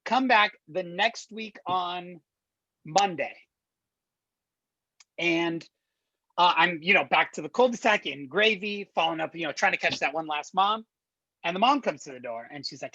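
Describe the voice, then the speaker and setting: A man's voice: high voice, moderate pace, no room sound, dull audio. Slangy young man telling a story. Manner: slangy, animated, swears freely. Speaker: podcast guest. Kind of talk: casual storytelling.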